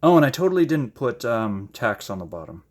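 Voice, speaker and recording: Excitable man with a wildly swooping pitch. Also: brisk. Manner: excitable, gushing exclamations; chatty, self-deprecating asides. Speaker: paint-pouring channel host. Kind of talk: casual narration while painting.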